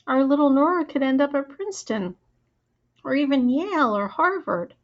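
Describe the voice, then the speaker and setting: A woman reading as an excited gushing mother. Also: sits high, normal speed, voice pushed up. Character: excited proud mother of a schoolgirl. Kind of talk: audiobook character voice. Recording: dull lo-fi audio.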